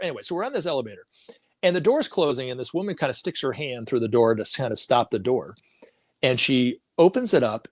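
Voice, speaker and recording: A middle-aged man on a talk show rambles through a personal story, frequently restarting and acting out what people said. His voice is mid-range, with studio quality and no echo.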